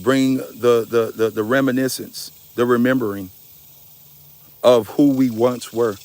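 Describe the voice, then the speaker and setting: Man, gravelly voice, emphatic spiritual talk, preachy, casual slang, y'all. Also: medium pitch. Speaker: spiritual speaker. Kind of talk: impassioned spiritual talk to an audience.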